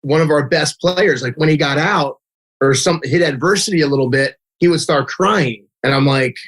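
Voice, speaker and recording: A youth baseball coach with a mid-range, slightly bright voice talks briskly in a casual interview. Chatty and packing his speech with "like," he tells stories and acts out quotes from the kids and himself.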